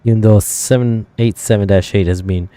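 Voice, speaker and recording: Mellow, low-voiced man musing over flights. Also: fairly even intonation, normal speed, dry recording. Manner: thinking aloud, rambling with fillers and self-corrections. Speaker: flight sim streamer. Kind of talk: casual live-stream chat.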